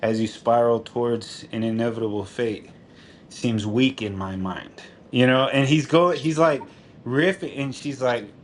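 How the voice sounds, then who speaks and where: A man's voice: medium pitch, measured pace, a little hiss or hum. A man chatting casually on a stream, telling a long story in a rambling, profane way, saying "dude" a lot and laughing as he talks. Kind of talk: casual chat.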